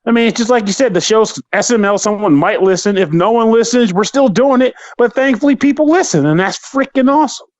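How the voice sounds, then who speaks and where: A man co-hosting a podcast, chatting casually and reviewing games with animated, joking rants. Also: sits high, brisk, hardly any pauses, no echo. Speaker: podcast co-host, game reviewer. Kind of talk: casual chat.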